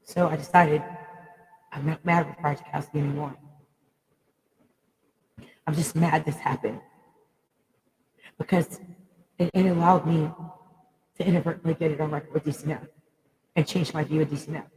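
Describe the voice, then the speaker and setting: A woman's voice: low-pitched, fairly even intonation, normal speed, long pauses, darkish tone, big-room sound, a little hiss or hum, rough recording. A woman giving a raw, emotional personal monologue to viewers, speaking bluntly and swearing freely.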